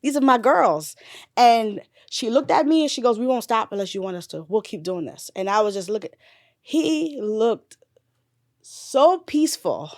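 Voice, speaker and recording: A woman's voice: on the high side, expressive, normal speed, no echo. Candid grieving woman, dry close sound. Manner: candid, swearing, drifts from loud retelling to quiet grief. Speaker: guest, nurse and bereaved mother. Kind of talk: emotional podcast conversation.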